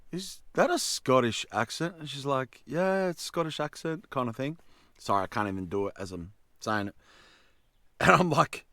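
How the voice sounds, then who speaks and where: A young man talks casually to his camera from inside his camper van, meandering from story to story in loose, colloquial speech. His voice is bright and forceful. The sound is close and dry. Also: medium pitch, dry recording. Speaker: vlogger. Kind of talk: casual rambling vlog chat.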